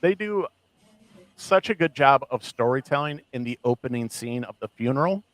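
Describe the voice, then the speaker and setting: A man co-hosting a podcast in casual chat, animated and laughing often as he mocks what he quotes. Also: mid-range voice, moderate pace, no echo, low-quality recording. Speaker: podcast co-host.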